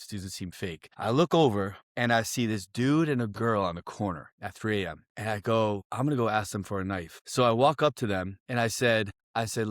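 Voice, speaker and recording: A young man from Connecticut telling a wild story on a podcast, animated and profane, full of "I'm like" and "right?". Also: on the low side, no room sound, studio quality. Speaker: podcast guest. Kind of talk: casual storytelling.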